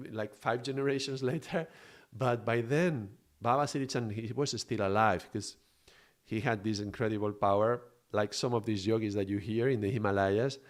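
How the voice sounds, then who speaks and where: A man with a somewhat low voice leads a live yoga and meditation teaching. He explains at an easy, unhurried pace, pausing to hunt for the right word and asking "yeah?" to check that his listeners follow. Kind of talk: live spiritual teaching talk.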